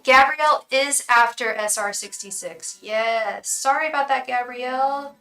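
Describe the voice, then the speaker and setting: A woman's voice: on the high side, measured pace, gravelly, hardly any pauses, pushed and bright, recorded from a distance, soft background music. A woman reading tarot on a live stream, chatting with viewers, thanking donors by name and chanting invocations to spirit guides.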